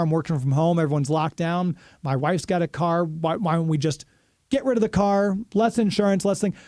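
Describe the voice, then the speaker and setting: A man's voice: a little high, darkish tone, no room sound, clean studio sound. A man hosting a radio show, chatting casually and reading a sponsor spot with plenty of fillers.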